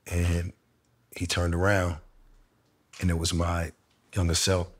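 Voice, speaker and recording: A middle-aged man speaks in a candid sit-down conversation, his very deep voice staying low and level. He tells his story slowly and reflectively, dropping casual slang along the way. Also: completely flat delivery, slightly rough. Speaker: interviewee sharing a personal story.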